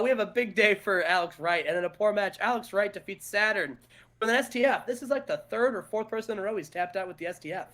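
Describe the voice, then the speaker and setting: A man co-hosting a podcast, recapping a wrestling game in casual, animated storytelling. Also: high voice. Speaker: podcast co-host.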